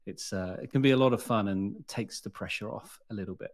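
A man hosts a live community talk in a rather low voice. He sounds upbeat and encouraging as he cheers people on and keeps things moving. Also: quick pace. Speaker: host of an online community session.

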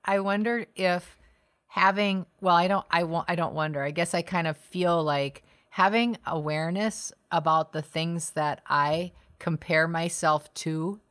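Middle-aged woman podcast co-host, low voice, reflective and chatty, laughs easily. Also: steady tone, unhurried, fairly bright tone. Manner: reflective, laughs often, restarts sentences. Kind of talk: casual conversation.

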